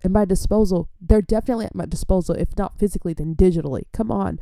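A woman giving a casual sermon from home into a microphone, telling her testimony in a rambling, animated way full of fillers. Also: fairly low pitch, quick pace, creaky, no echo, clean studio sound. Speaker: preacher sharing testimony. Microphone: studio microphone.

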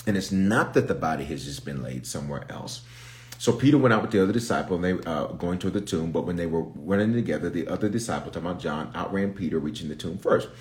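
A man's voice: deep voice, animated, fast talker, a little mellow. A man, a bishop, teaching from the Bible in an impromptu live stream, emphatic and repetitive, pleading with listeners to pay attention as he builds in intensity.

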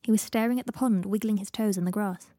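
A woman narrating a fan fiction audiobook in an even, steady storytelling voice. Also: medium pitch, fast talker, dry recording, studio quality.

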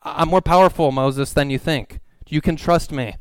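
A man's voice: fairly high pitch, normal speed, clear, resonant tone, no echo, studio quality, natural voice. A man voicing God as a patient, insistent figure who coaxes a doubter. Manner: coaxing, insistent. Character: patient, commanding male deity, gently exasperated.

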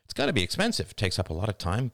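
A man's voice: fairly low pitch, wildly swooping pitch, racing, a bit bright, dry recording, studio quality, heavily acted. A man voicing a frank, intense young father in an audiobook, blunt and exasperated.

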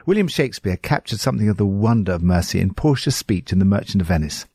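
A man's voice: fairly low pitch, lively intonation, quick pace, warm tone, breathy edge, no echo, studio quality. A man with an English accent giving earnest, pastoral devotional commentary on scripture.

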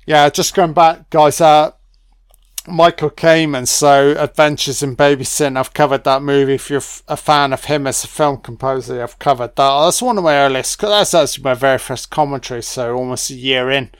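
A drunk man rambling and swearing excitedly through a film commentary. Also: medium pitch, normal speed, smooth, no room sound, studio quality. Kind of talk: audio commentary over a film.

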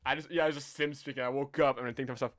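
A young man co-hosting a casual podcast, talking in an animated way with lots of laughs, fillers and restarts. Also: mid-range voice, racing. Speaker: podcast co-host. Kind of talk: casual chat.

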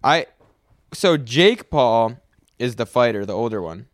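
A young man co-hosting a podcast in casual chat, often breaking into loud, high-pitched mock voices. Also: expressive, unhurried, no room sound, clean studio sound. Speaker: podcast co-host. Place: studio.

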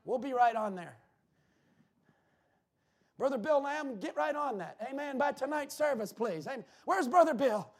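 High-voiced man preaching a fervent sermon. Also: expressive. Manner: fervent preaching with shouted emphasis and quick asides to the congregation. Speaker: pastor. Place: church.

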